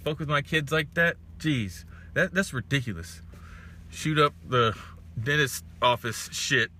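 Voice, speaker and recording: A man's voice: fairly high pitch, a little slow, pushed and bright, a little hiss or hum. A young man from Texas hosting a casual live stream, greeting viewers and ranting with heavy profanity.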